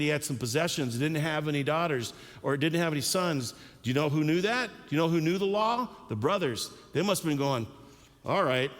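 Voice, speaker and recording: Man preaching in an echoing church. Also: a little high. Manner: storytelling, acts out voices of biblical figures. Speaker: pastor. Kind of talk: sermon. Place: church sanctuary. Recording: church hall with long reverb.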